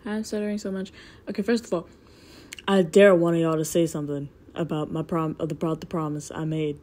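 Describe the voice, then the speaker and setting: A woman with a low, warm, mellow voice talks straight to her viewers. She rambles, restarts her sentences and giggles. She pokes fun at herself in a loose, casual way. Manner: rambling, self-deprecating, giggly. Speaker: voice actor and YouTuber. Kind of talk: casual vlog chat.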